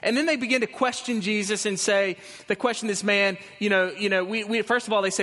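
A man preaching a sermon as pastor, telling the story with animated restarts and emphasis. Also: high voice, a little fast, hardly any pauses. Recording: long hall reverb.

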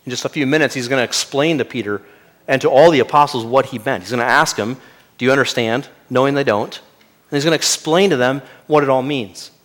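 A male pastor preaching an expository sermon. He often drops to a quiet, weighty voice for key lines. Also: mid-range voice, fairly quick.

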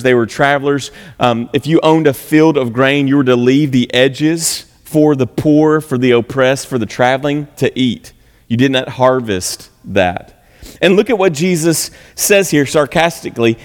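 A man preaching a conversational sermon as pastor, animated and a little sarcastic, asking the congregation questions. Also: a little high. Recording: long hall reverb.

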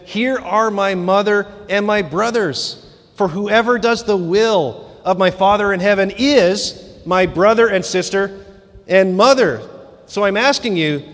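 A man's voice: high-pitched, a bit bright. A man preaching a sermon as pastor, conversational, with joking asides and repeated phrases. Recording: long hall reverb.

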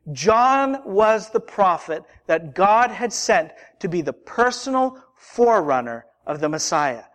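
A male pastor delivers a sermon in a high voice at an unhurried pace. He speaks earnestly and drives his points home by repeating phrases. His delivery is deliberate and measured. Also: fairly bright tone. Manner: earnest, builds emphasis through repetition.

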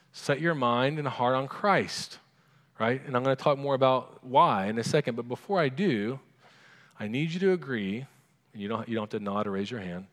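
A man's voice: mid-range voice, long reverb tail. A pastor preaching a sermon in a conversational way, asking his congregation questions.

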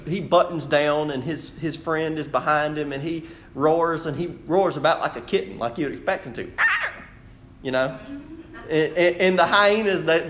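High-voiced man preaching with animated storytelling. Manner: animated storytelling, addresses congregation directly. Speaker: pastor. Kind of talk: sermon.

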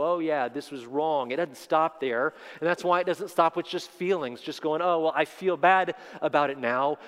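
A man preaching a sermon as pastor, building fervor and acting out the prayers he quotes. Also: on the high side. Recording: long hall reverb.

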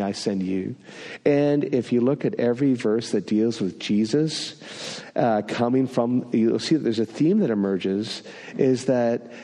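A man's voice: medium pitch, dark tone, big-room sound. A man preaching a sermon, telling a personal story with self-deprecating humor.

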